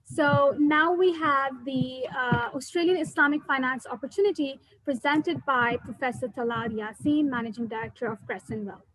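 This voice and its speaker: A woman's voice: sits high, normal speed, few pauses, a bit bright, poor audio. A woman hosting an online event, introducing the next speaker formally and courteously over a video call. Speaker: event host.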